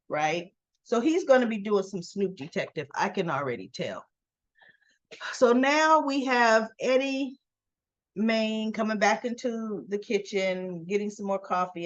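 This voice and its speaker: A woman's voice: medium pitch, highs cut off. A woman casually recapping a soap opera episode, chatting through the scenes and retelling who said what. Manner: chatty, retells scenes with "she goes" quotes.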